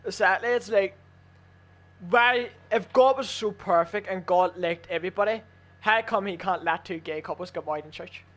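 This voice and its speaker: High-voiced man ranting heatedly. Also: normal speed, fairly bright tone. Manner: heated, profane, argumentative. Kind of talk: casual rant while gaming with friends.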